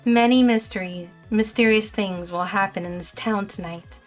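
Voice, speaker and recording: A woman voicing a mysterious ghost mentor from a video game, speaking in a calm, measured, instructive way. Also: mid-range voice, faint music behind, voice pushed down, natural voice. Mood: calm guiding.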